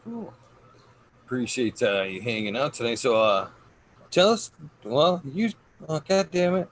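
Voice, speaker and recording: A man's voice: medium pitch, big pitch swings, a little slow, a little hiss or hum. A man hosting a casual podcast interview, asking loose, rambling questions with some swearing. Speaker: podcast host.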